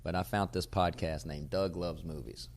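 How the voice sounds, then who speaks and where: A man, a comedian hosting his podcast, telling a casual, profane story and getting loud when he acts out old arguments. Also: low-pitched, moderate pace, slight background noise. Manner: profane, animated storyteller who gets loud acting out arguments.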